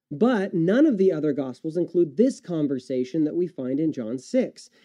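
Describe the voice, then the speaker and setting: A man delivers a sermon in an easy, conversational way, breaking off for wry asides and fixing his words as he goes. His voice is very dark and mellow, though pitched a little high. The recording sounds dull and muffled. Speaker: pastor.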